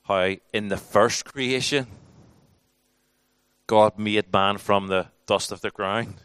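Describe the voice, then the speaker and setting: A man's voice: fairly low pitch, a bit bright, no room sound. A man teaching a church class in a conversational, informal sermon style, with frequent restarts and acted-out quotes.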